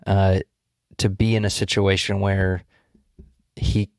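A man with a fairly low voice talks through a scripture passage, thoughtful and explanatory, often restarting his sentences. The sound is dry and close, with no room around it. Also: little pitch movement, takes it slowly, a little mellow, dry recording. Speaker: Bible study co-host. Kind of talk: casual Bible study discussion.

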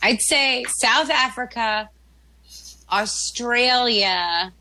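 A woman co-hosting a podcast, speaking slowly in a bright, clear voice. She mostly gives short replies and laughs easily in relaxed chat. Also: a little high, poor audio.

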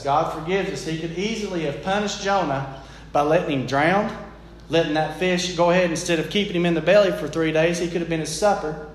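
A man's voice: fairly high pitch, fairly quick. A man preaching a sermon in an earnest, plain-spoken, folksy way. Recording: echoey room.

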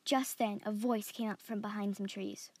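A woman reading a story aloud in a steady, descriptive way as a podcast host. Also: mid-range voice, moderate pace, breathy edge, no echo. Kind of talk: scripted story narration.

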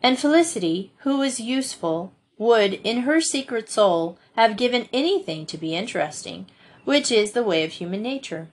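A woman's voice: on the high side, animated, moderate pace, slightly rough. Woman reading a classic novel aloud. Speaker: audiobook narrator. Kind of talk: audiobook reading.

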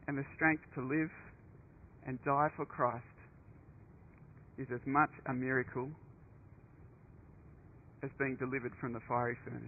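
A man's voice: medium pitch, level tone, measured pace, long pauses, a little hiss or hum. Earnest preacher man on tinny radio. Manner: earnest storytelling with frequent restarts and repeated words. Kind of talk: sermon. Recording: narrow phone-like radio broadcast.

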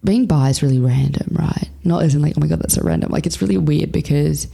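A woman's voice: low voice, quick pace, vocal fry, mellow. A young Australian woman in her twenties, a guest in a casual interview, talking frankly and swearing freely with lots of fillers. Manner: frank and swears freely, laughs a lot, chatty with many fillers. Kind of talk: casual candid chat.

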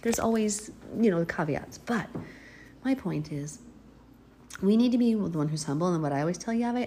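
A middle-aged woman giving informal religious teaching, earnest and exhorting, sometimes dropping to a breathy whisper for emphasis. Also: lowish voice, lively intonation, moderate pace, dark tone, slight background noise. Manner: earnest, exhorting, with laughs and asides. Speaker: preacher.

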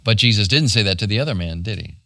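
Lively, bright-voiced male pastor teaching. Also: lowish voice, fast talker, no room sound. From United States. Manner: conversational teaching, asking "right?" often. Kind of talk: sermon.

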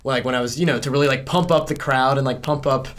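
A man's voice: medium pitch, steady tone, fast talker, fairly bright tone. A man, chatting loosely as a podcast guest and filling his talk with "like". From South Carolina, USA. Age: 20s. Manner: rambling, heavy on fillers like "like". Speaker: podcast guest, music student. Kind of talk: casual interview chat.

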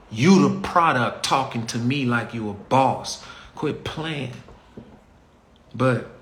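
A man's voice: medium pitch, sharp tone. Heated Chicago man ranting in an echoey room. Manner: blunt, heated, slangy, talks straight to the audience. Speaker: podcast host. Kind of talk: casual rant to listeners. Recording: echoey room with faint ambient noise.

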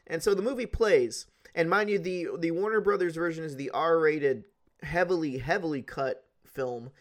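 A man on a casual podcast, telling a story in an animated way with swearing and laughs. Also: fairly high pitch, moderate pace. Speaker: podcast co-host.

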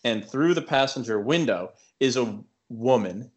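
A man's voice: mid-range voice, animated, measured pace. Rambling young man telling a story. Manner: rambling, lots of filler likes and restarts. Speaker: podcast co-host. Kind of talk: casual storytelling chat.

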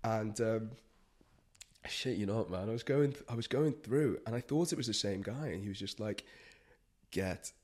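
Man telling a lively story. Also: on the low side, normal speed. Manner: animated storytelling, acts out quotes, swears, many fillers. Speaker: freelance broadcast journalist, guest. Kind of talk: casual podcast chat.

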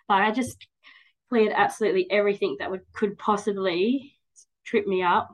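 A woman's voice: mid-range voice, steady tone, a little fast, low-quality recording. A woman, talking candidly and at length as a podcast guest, with many "like"s and "um"s. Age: 30s. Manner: candid, rambling, frequent "like" and "um". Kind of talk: casual interview chat.

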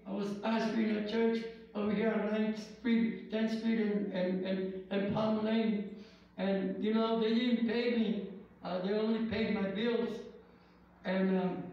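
High gravelly-voiced male pastor, echoey and distant. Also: level tone, slow. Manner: fervent, repeats "Lord God" between phrases. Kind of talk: prayer and personal testimony sermon. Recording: echoey, distant, dull lo-fi room recording with faint noise.

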